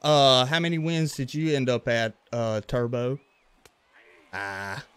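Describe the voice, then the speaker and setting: This gaming livestreamer takes it slowly, his mid-range voice smooth and free of echo. A Louisiana-accented man from western Louisiana, he casually comments on plays in a baseball video game and greets chat in a relaxed, chatty way.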